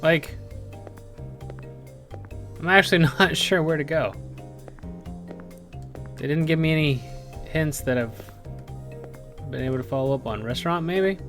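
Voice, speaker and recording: Tired, low-key let's play commentator. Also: measured pace, pauses often, fairly bright tone, faint music behind. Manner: musing aloud, low-key. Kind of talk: casual game commentary.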